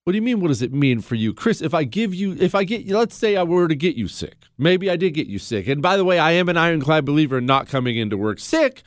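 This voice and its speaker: Animated talk radio host, a man. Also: on the high side, dry recording, clean studio sound. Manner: animated, joking, quick asides. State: a bit sick, possible fever. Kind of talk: casual talk radio monologue. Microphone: studio microphone.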